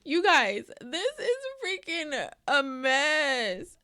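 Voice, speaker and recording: A woman's voice: high voice, big pitch swings, a little slow, pushed and bright, no room sound, studio quality. A woman hosting a reaction vlog who talks straight to her viewers in an emotional, rambling way. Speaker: reaction video host.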